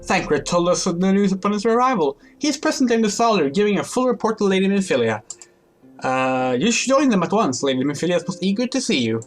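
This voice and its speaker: A man's voice: very animated, fast talker, faint music behind. A man reading aloud the lines of a formal game character who welcomes a hero back. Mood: welcoming. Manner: reading game dialogue aloud, lifted pitch.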